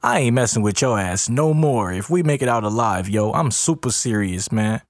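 A man's voice: medium pitch, very animated, a little slow, no echo, clean studio sound, voice pushed up. A man voicing a frightened young man who keeps complaining in slang. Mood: whining.

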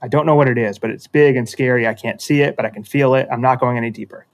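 A man's voice: medium pitch, fairly even intonation, quick pace, close to an everyday voice. A man voicing a frightened shark in a spoken story, hesitant and repeating itself. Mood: afraid. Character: scared shark afraid of the deep.

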